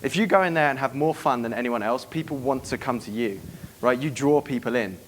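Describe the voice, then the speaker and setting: A man's voice: mid-range voice, fairly quick, a little hiss or hum. A man giving a live seminar talk to an audience, brash and profane, acting out bits of dialogue as he teaches. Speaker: dating coach giving a seminar.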